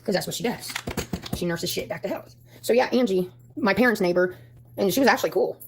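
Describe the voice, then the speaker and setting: Host donna, del Midwest americano, parlata rapidissima e sboccata, tono aggressivo in diretta. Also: female voice, medium pitch, slight background noise. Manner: brash, profane, combative. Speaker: livestreaming YouTuber. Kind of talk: casual livestream rant.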